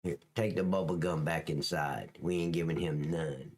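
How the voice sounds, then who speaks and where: A man putting on the voice of a menacing gangster, gruff and threatening. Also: very deep voice, fairly even intonation, moderate pace, darkish tone, pitched below the performer's own voice, full character voice. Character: tough-talking male gangster, menacing.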